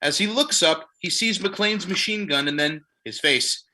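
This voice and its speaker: A man narrating the stage directions of a comedic play reading, with wry deadpan asides. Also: high-pitched, a little slow.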